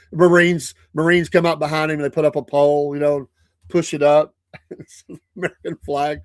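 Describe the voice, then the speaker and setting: A man's voice: a little high, little pitch movement, moderate pace, long pauses, no echo. A man hosting a casual morning talk show, rambling through stories and chuckling often into a close mic in a small studio.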